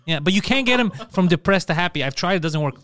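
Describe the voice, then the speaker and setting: A man hosting a podcast in casual chat, telling stories in a profane, animated way. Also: high voice, quick pace. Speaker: podcast host.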